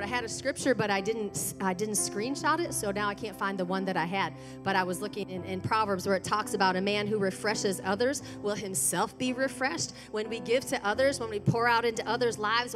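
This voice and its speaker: Upbeat woman leading church prayer over music. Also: fairly high pitch. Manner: upbeat, encouraging. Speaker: church minister leading the offering. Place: church sanctuary.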